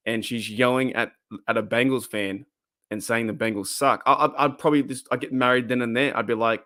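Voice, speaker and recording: A man's voice: medium pitch, steady tone, brisk, pushed and bright. A man with an Australian accent hosting a casual live stream, rambling, repeating himself and laughing often.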